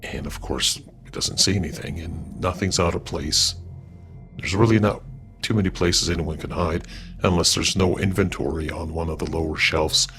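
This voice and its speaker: Deep-voiced man telling a spooky story. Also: moderate pace, a bit bright, soft background music. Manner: loose and conversational, with fillers and restarts. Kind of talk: casual paranormal story narration.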